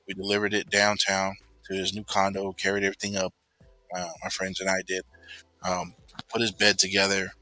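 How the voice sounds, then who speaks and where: A man casually telling a personal story, rambling and filling pauses with "you know.". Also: low-pitched, sharp tone, poor audio.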